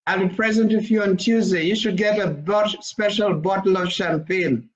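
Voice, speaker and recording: A man's voice: sits high, steady tone, moderate pace, highs cut off. A man giving a rambling video monologue as a self-styled religious leader, crude and defiant in his talk.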